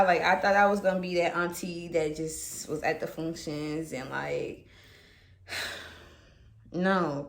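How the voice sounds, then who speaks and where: A young woman telling a candid, chatty story to her viewers, swearing freely as she goes. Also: on the low side. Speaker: vlogger. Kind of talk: casual storytime chat. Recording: echoey room with background noise.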